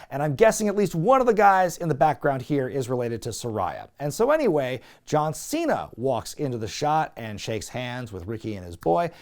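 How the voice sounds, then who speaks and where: A man's voice: mid-range voice, darkish tone. A man giving a casual, sarcastic recap of a wrestling show, swearing now and then and mocking the dialogue. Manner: sarcastic, swears, mocks dialogue with quoted impressions.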